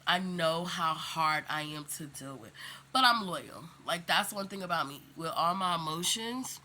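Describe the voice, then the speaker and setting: A woman talks straight to her viewers in a loose, candid monologue. She is emphatic and slangy and rambles with plenty of fillers. Her tone is bright and forward, and a faint hum of background noise sits behind her. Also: lowish voice, animated, moderate pace. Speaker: vlogger.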